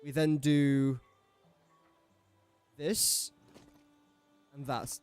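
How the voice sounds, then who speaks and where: A young man with an English accent, talking casually as he plays, cracking jokes and chatting to the game characters. His voice sits a little high, with faint game music in the background. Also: little pitch movement, very slow, darkish tone, clear, resonant tone. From England. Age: young adult. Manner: chatty, jokey, talks to himself and the game characters. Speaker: gaming streamer. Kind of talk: casual gameplay commentary.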